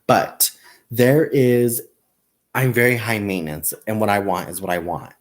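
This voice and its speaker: A man's voice: lowish voice, fairly even intonation, measured pace. A man hosting a crafting livestream, chatting casually and self-mockingly and laughing often. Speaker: crafting channel host.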